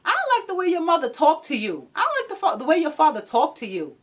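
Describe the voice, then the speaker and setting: Lady doing a pushy abusive boyfriend, high and loud, pleading then yelling the same things over and over. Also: wildly swooping pitch, fast talker. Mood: domineering. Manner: pleading then shouting, repetitive. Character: controlling abusive male partner, sweet-talking then menacing.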